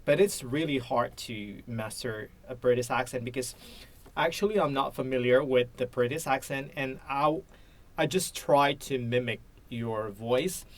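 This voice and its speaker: A man's voice: medium pitch, a little slow. Hesitant man practicing English. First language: Indonesian. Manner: hesitant, searching for words. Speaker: English learner, teacher. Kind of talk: casual English speaking practice.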